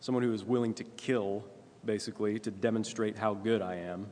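A man preaching a sermon in a conversational way, often asking "right?" and clearing his throat. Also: fairly low pitch, fairly even intonation, fairly quick, a little mellow. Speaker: pastor. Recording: long hall reverb.

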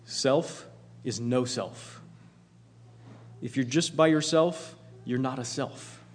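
A man's voice: medium pitch, slow pace, a little hiss or hum. A man preaching a sermon in an earnest, emphatic way, often repeating himself for emphasis. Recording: long hall reverb.

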